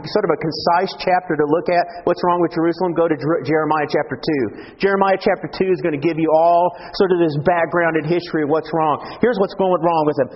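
A man preaching a sermon, emphatic, his voice rising high and then dropping low and quiet for effect. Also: husky, big-room sound, muffled recording. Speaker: pastor.

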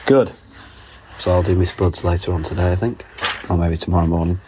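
A man's voice: deep voice, fairly even intonation, brisk, dark tone, slight background noise. A man hosting a podcast while under the weather with a cold, chatting casually with wry asides in a greenhouse and reading labels aloud. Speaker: podcast host. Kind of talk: casual rambling monologue. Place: garden greenhouse. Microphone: phone.

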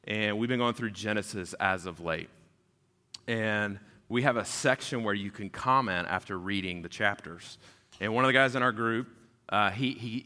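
A man, preaching a sermon in a casual, animated storytelling way. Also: lowish voice. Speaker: pastor. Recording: long hall reverb.

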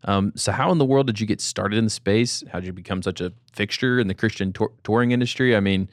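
Low-voiced man hosting a podcast. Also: fast, dry recording, studio quality. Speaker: podcast host. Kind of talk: casual interview chat.

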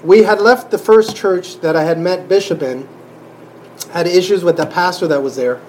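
A man sharing a personal faith testimony in an emotional, halting way, often restarting his sentences and sighing. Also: high-pitched, a little mellow, a little hiss or hum, rough recording. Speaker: church member sharing testimony.

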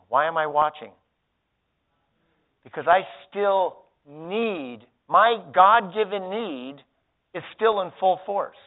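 A man who is a pastor, teaching a seminar in front of an audience and acting out quoted thoughts, swinging from loud outbursts to hushed words. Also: high voice, animated, slow pace. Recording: tinny phone-like sound.

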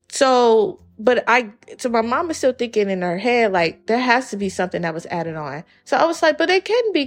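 A young woman on a faith podcast tells a family story in a casual way. Her voice sits fairly high, and it leaps up when she acts out what each person said. Soft music plays faintly behind her. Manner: animated, acts out family dialogue with big pitch jumps. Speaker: podcast co-host.

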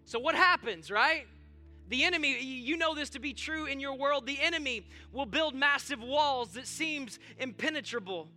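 A male pastor preaching a sermon, speaking to the congregation conversationally before pushing into emphatic points. His voice is very high and strikingly bright. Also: normal speed, soft background music.

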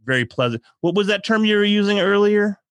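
A man telling a story in a casual podcast chat, animated and emotional, laughing often. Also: high voice, a little fast, no echo. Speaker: podcast guest.

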